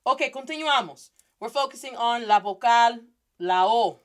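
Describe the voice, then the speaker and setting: A lively woman with a fairly high voice hosts a language podcast. She runs a playful lesson and slips Spanish words into her English explanations. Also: moderate pace, smooth. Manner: animated, mixes Spanish phrases into English. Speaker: podcast host and Spanish teacher.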